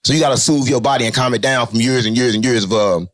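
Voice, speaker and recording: A man giving an interview in loose, unfiltered street talk, animated and joking, cursing and repeating his catchphrases. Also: medium pitch, fast talker. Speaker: interview guest.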